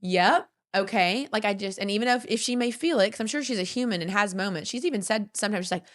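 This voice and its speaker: A woman hosting a business podcast in casual conversation, animated and acting out her own quotes. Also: mid-range voice, very fast. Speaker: podcast host and business owner.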